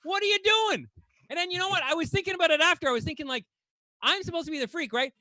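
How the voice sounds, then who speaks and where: A man doing stand-up, with a very high, bright, forceful voice. He rants in exasperation and swears freely. The sound is dry and close. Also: fast, no echo. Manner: exasperated, ranting delivery; swears casually. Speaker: stand-up comedian. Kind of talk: stand-up comedy set.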